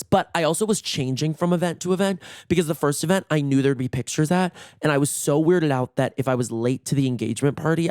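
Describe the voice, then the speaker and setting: Hoarse gossiping man, dry close sound. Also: medium pitch, no room sound. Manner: gossipy, animated, swears often, acts out quotes. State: voice worn out, hoarse. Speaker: podcast host. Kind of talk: casual solo storytelling. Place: in bed at home.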